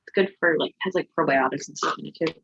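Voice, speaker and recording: A woman's voice: low-pitched, fast talker, vocal fry, a bit bright. A woman chatting casually as a guest, pressing her point with repeated questions. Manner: insistent, questioning, laughs easily. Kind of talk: casual chat. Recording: dull lo-fi call audio.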